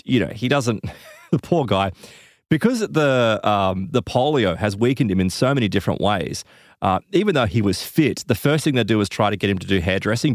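A man's voice: on the low side, no echo. Man telling a story in a dry room. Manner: animated retelling with frequent fillers and asides. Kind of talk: casual storytelling chat.

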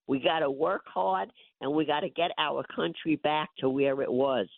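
An older woman calling in on the phone, hoarse from bronchitis, talking in a feisty, emphatic way. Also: low voice, normal speed, dry recording. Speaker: host's mother calling in. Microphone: phone line. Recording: tinny phone line.

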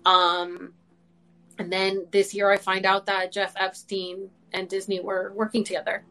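Young woman, host, excitable, swears a lot, heavy filler words, mid pitch. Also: measured pace. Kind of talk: casual chat.

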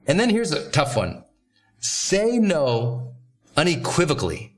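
A man hosting a motivational training talk, coaching in a direct, emphatic way with quick asides. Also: on the high side, wildly swooping pitch, soft background music. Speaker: host and coach.

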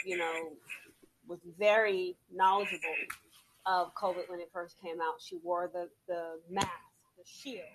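A middle-aged woman in a casual discussion, telling a story in a measured, earnest way and often saying "you know". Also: medium pitch, a little hiss or hum, low-quality recording. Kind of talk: casual chat.

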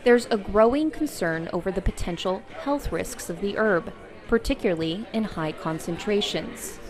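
A woman reporter narrating a scripted news piece in a measured delivery. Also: medium pitch, animated.

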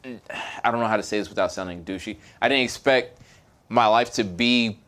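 A man's voice: fairly low pitch, normal speed, a bit bright. A man co-hosting a podcast, telling stories in a casual, reflective way with lots of fillers and restarts. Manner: reflective, hesitant storytelling with many fillers. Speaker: podcast co-host. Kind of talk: casual chat.

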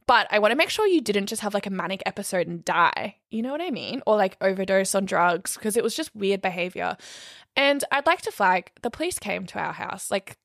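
A young woman, co-hosting a podcast and telling a story in a casual, animated way, swearing freely and saying "like" a lot. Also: medium pitch, a little fast, vocal fry, no room sound, studio quality. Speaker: podcast co-host.

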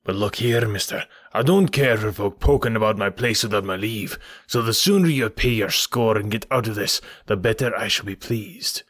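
Man doing a threatening rural innkeeper, blustering, raised and a bit higher, audiobook character, dry close sound. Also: moderate pace, few pauses, fairly bright tone, no echo. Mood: grudging. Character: surly, menacing rural male innkeeper.

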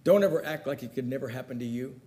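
A man preaching a sermon, telling personal stories, who swings between loud emphatic lines and hushed asides. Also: mid-range voice, fast.

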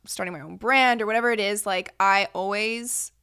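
Young woman, podcast co-host, casual chat, animated storytelling. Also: medium pitch, normal speed, clean tone. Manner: animated storyteller, acts out quotes.

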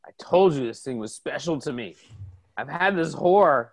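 A man doing improv comedy in a deadpan, mock-serious, rambling way. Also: on the high side, moderate pace. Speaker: comedy podcast host improvising.

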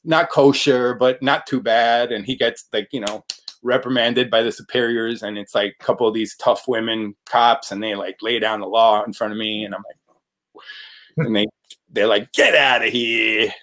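A man's voice: mid-range voice, steady tone, normal speed. Chatty man rambling about acting work. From United States. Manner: chatty, rambling, frequent fillers. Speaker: actor guest. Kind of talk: casual interview.

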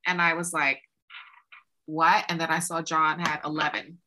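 A woman with a bright, forceful voice tells her story in a relaxed interview. She talks casually and animatedly, slipping into quoted exchanges with lots of "like" along the way. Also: low voice, normal speed, slight background noise. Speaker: songwriter and producer guest.

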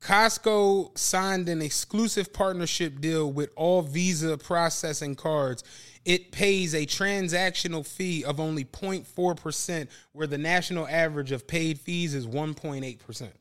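Animated high-voiced male podcast host. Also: measured pace, clear, resonant tone. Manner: animated storytelling, swears freely, acts out quotes. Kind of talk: casual chat.

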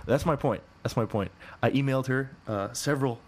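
A man's voice: lowish voice, fast talker, few pauses, a little mellow, slight background noise. A man in his twenties hosting a podcast in a rambling, repetitive monologue, often swearing and restarting his sentences. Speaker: podcast host.

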